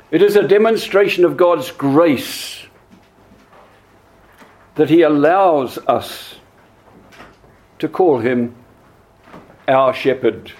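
Male preacher, unhurried, repeats words as he goes, slightly raised pitch. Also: darkish tone. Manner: slow and deliberate, with frequent repeated words. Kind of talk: sermon.

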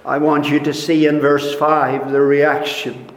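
A man preaching a sermon, speaking slowly and deliberately, sinking to hushed tones and rising for emphasis. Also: on the high side, completely flat delivery. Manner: slow, deliberate preaching, dropping to near-whispers and rising in emphasis. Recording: echoey hall with long reverb.

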